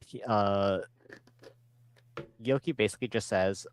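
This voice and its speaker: A man's voice: low-pitched, steady tone, measured pace. A man co-hosting a podcast, recapping an episode in casual chat, rambling with lots of fillers. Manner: rambling, filler-heavy, acts out quotes. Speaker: podcast co-host.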